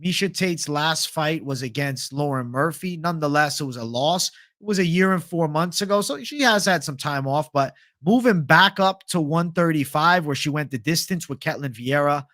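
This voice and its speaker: Young male stream host, slightly high pitch, dry close mic, loose profane chat. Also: lively intonation, normal speed, few pauses, a bit bright, dry recording. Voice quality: casual, profane, reads chat aloud. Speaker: MMA livestream host. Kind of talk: casual livestream fight picks chat.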